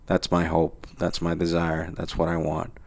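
A man's voice: sits low, completely flat delivery, moderate pace, a little mellow. A man from the Dominican Republic hosting a solo podcast, rambling and cursing while he mocks himself. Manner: rambling, profane, self-mocking. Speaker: podcast host. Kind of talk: casual solo monologue.

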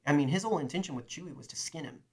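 A man's voice: on the high side, very fast, darkish tone, husky. Enthusiastic, rambling man. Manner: enthusiastic, rambling, many fillers. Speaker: podcast host. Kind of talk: casual chat and reading aloud.

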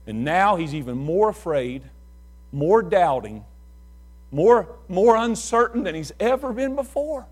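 A middle-aged man preaching a sermon, telling folksy stories and swinging from hushed talk to shouts. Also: high-pitched, expressive, unhurried, husky. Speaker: pastor.

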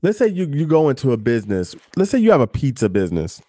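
A man's voice: mid-range voice, wildly swooping pitch, fast, dark tone, dry recording. A man who works as a barber, giving loose, candid advice straight to the listener with plenty of fillers and asides. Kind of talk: casual advice talk to camera.

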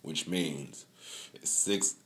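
A man with a very deep, low voice hosts his own podcast, talking casually. He rambles through stories with plenty of cursing and easy laughter. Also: very slow, fairly bright tone. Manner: loose, profane, laughing storyteller. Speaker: podcast host.

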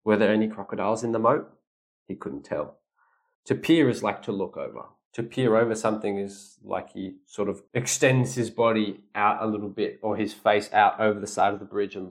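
A man with a fairly low, creaky voice tutors a learner one-on-one, reading a storybook aloud. He explains words and acts out quotes with playful, mock grumbling.

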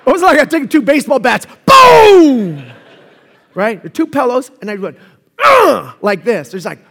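A man with a high voice delivers a sermon in a church hall with long reverb trailing each line. He tells stories animatedly and then drops into quiet, earnest passages. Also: quick pace, background noise. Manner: animated storytelling, swinging from loud to hushed. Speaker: preacher.

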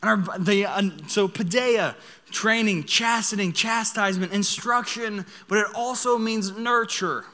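A young man preaching a sermon, telling a story in an animated way and laughing as he goes. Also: high voice, unhurried, big-room sound. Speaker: pastor.

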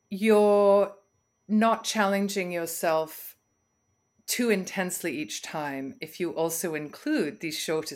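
Measured woman coaching on communication. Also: sits low. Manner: measured, instructive, pauses to breathe. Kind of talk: podcast interview guest.

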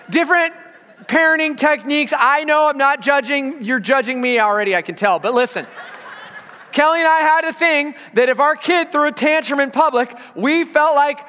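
A man in his thirties preaching a sermon as a pastor, telling an animated story before turning earnest. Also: extremely high pitch. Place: church auditorium. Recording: large hall with long reverb, faint music.

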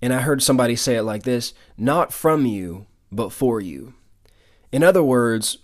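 A man's voice: medium pitch, a little mellow. A man preaching a sermon, reading scripture aloud and explaining it with emphatic asides and frequent repeated words.

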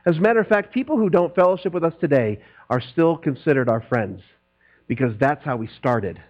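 A middle-aged male pastor preaches with a high, lively voice, jumping from loud emphatic lines to quiet asides. The recording is dull and lo-fi with a steady mains hum underneath. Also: brisk. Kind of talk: sermon.

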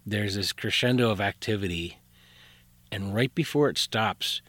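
A middle-aged man tells a personal story in a relaxed, rambling way, with plenty of fillers and quoted dialogue he acts out. His voice sits low but sounds bright and forward. The recording is close and dry. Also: normal speed, no echo. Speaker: podcast guest. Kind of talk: casual storytelling.

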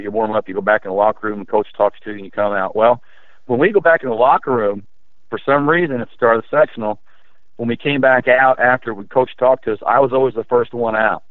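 A man recalling his high school basketball days in a rambling, casual way, full of restarts and fillers. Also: dry recording. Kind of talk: storytelling in a casual interview. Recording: dry, tinny phone-line sound.

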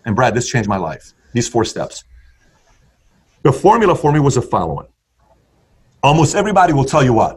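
A man's voice: mid-range voice, very animated, brisk, long pauses, breathy edge. A man telling his story in conversation with an intense, punchy motivational delivery. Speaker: guest entrepreneur.

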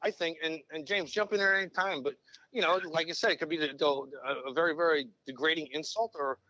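A man co-hosting a podcast, talking in a rapid, emphatic and profane way. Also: fairly high pitch, bright, forceful tone, no echo, highs cut off. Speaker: podcast co-host. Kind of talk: casual chat.

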